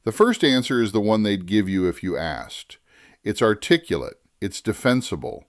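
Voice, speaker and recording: A man narrating a scripted writing lesson, deliberate and measured, slowing down to stress key phrases. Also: lowish voice, sing-song, dry recording, clean studio sound. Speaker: writing teacher.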